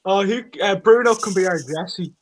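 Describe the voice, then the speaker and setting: A man's voice: high-pitched, moderate pace. A man hosting a casual football fan watchalong, constantly breaking up laughing. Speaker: fan show host.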